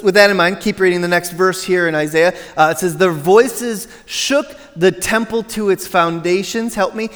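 High-voiced male pastor preaching in a reverberant hall. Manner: chatty and self-deprecating, laughs at his own asides, repeats restarts. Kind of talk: sermon. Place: church sanctuary.

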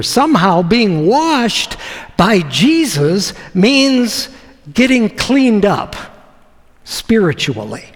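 Slow, lively-voiced pastor preaching. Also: male voice, sits high. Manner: conversational, asks the audience questions, with deliberate pauses. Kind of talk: sermon. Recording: long hall reverb.

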